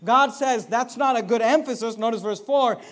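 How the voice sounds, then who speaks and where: A man with a high voice delivers a sermon. He reads scripture at a slow, deliberate pace. He drops to quiet asides, then pushes his points louder and with more force. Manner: emphatic, swings between quiet and loud, reads scripture slowly. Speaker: preacher.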